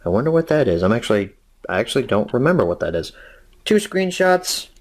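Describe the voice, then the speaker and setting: A man's voice: mid-range voice, big pitch swings, fairly quick. A young man hosting a casual review, rambling and self-deprecating with jokey asides. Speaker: host.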